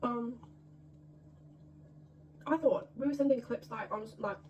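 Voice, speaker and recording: A woman's voice: fairly high pitch, slow, a little mellow, echoey room, lo-fi sound. A young woman with an Australian accent hosting a casual chat vlog, rambling and full of "like". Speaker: vlog host. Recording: mic far off, noisy background.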